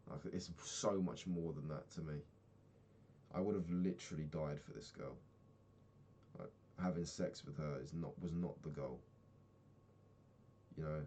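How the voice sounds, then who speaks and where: A young man from England talking through a sad personal video diary, low-key, swearing a lot and trailing off, sounding down after crying. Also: unhurried, pauses often, mellow, a little hiss or hum. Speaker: vlogger.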